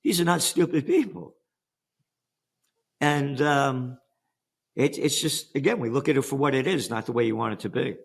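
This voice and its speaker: A man's voice: mid-range voice, normal speed, creaky, long pauses, husky. An older American man on an interview, emphatic and sarcastic, firing rhetorical questions. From United States. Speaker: interview guest. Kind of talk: animated interview talk.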